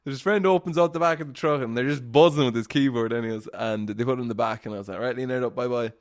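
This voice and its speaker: A man's voice: medium pitch, quick pace. A young man hosting a solo podcast, telling stories in a rambling, casual way, swearing freely and laughing often. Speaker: podcast host.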